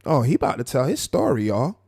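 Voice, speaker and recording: A man hosting a live stream, commenting on a clip in a mocking, animated way. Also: mid-range voice, husky, no room sound, clean studio sound. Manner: mocking, animated, drawn-out asides. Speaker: live show host.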